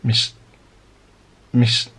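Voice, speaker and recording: A man's voice: very slow, fairly bright tone, slight background noise. Chatty man rambling through an unboxing. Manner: rambling, chatty, jumps to fan theories. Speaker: unboxing vlogger. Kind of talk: casual unboxing chat.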